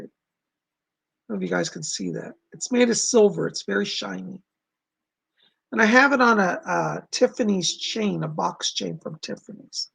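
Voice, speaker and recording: Gravelly-voiced man hosting a chatty livestream. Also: sits high. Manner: chatty, laughs often, earnest. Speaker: psychic and livestream host. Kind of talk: casual livestream chat.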